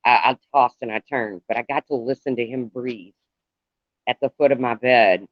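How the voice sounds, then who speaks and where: A middle-aged man speaks to his live-stream viewers at an ordinary pitch. He rambles and stops to address commenters by name. The sound is dry and dull, like a lo-fi stream. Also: normal speed, no echo.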